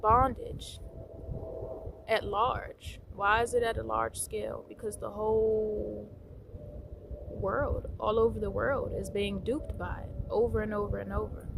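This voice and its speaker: A woman giving an unscripted spiritual monologue, meandering and repeating words, with soft laughs here and there. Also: mid-range voice, level tone, a little slow, creaky, background noise. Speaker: spiritual teacher.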